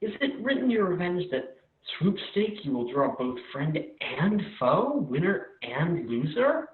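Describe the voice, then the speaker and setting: Actor as a commanding, uneasy king, lively pitch, tinny echoey line. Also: unhurried. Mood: placating. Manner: commanding, declamatory verse delivery. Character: Claudius, a scheming anxious king. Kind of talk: amateur remote play reading.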